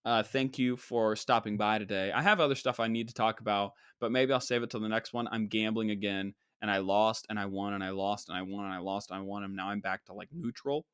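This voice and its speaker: A man's voice: lowish voice, fairly even intonation, brisk, few pauses, a bit bright, clear, resonant tone, dry recording, studio quality. A young man hosting a casual solo podcast, rambling and joking offhand with many fillers. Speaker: podcast host.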